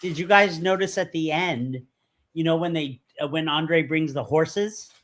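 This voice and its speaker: A man co-hosting a casual movie podcast, animated and joking as he shares trivia. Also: a little high, a little slow. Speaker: podcast co-host.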